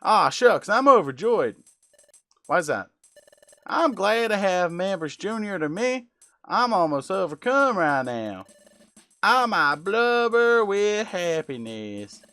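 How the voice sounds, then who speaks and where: A man's voice: big pitch swings, slow, full character voice. A man doing a hammy drawling rookie beaver. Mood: overjoyed folksy. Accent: put-on Southern US drawl. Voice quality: hammy folksy drawl, high and loud. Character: eager rookie beaver creature, male, sentimental.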